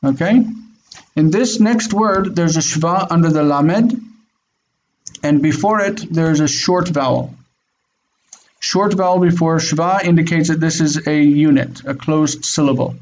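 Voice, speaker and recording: A man teaching a Biblical Hebrew class over a video call, drilling pronunciation slowly and patiently. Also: on the high side, darkish tone, lo-fi sound. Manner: slow, careful pronunciation drills.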